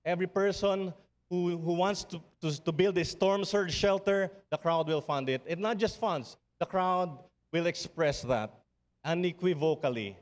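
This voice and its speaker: A man's voice: high-pitched, a little slow. A man with a Filipino accent giving a passionate speech at a public forum, asking the audience rhetorical questions and repeating phrases, with some stumbles and restarts. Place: event venue with an audience. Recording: long reverb of a large hall.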